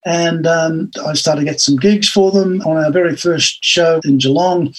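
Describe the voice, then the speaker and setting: Older Aussie male interview guest, husky and slightly high, an animated storyteller. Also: unhurried, rough recording. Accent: Australian. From Australia. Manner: animated anecdotal storytelling with acted-out quotes.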